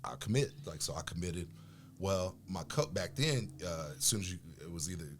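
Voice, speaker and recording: Low-voiced man telling a football story. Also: moderate pace, slight background noise. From Oklahoma. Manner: animated storyteller, acts out quoted voices. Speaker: podcast guest, former football player. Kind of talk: casual storytelling chat.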